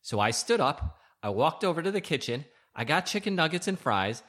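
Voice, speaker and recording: Man, insistent and indignant, lively pitch swings. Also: a little fast. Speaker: guest, husband. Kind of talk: casual chat.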